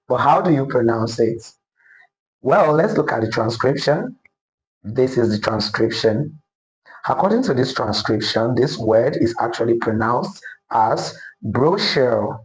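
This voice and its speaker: A man teaching English pronunciation, deliberate and repetitive, often checking in with his listeners. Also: mid-range voice, animated. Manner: deliberate, repeats words and checks in with "okay?". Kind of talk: classroom-style pronunciation lesson. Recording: roomy echo.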